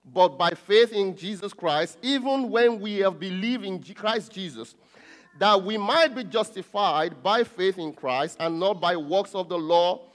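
A male pastor with a notably high voice delivers a teaching sermon. He explains step by step, repeating key words for emphasis and chuckling now and then. His voice carries a long reverb from a church hall. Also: a little slow.

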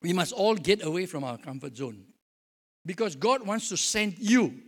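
A man's voice: high-pitched, lively intonation, normal speed, a bit bright. A man preaching a sermon as pastor, jovial and telling stories with acted-out dialogue.

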